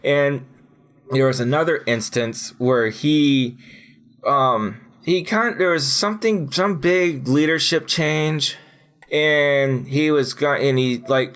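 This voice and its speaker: A man co-hosting a podcast, chatting casually and acting out his own retorts in a lively way. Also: mid-range voice, measured pace. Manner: animated storyteller who acts out his own retorts. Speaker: podcast co-host.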